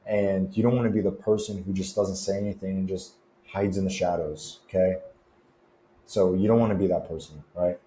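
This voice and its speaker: A man's voice: low voice, fairly even intonation, moderate pace, dark tone. A young man coaching fitness and confidence in a laid-back, slangy, chatty way. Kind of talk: casual advice vlog. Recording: roomy echo with faint noise.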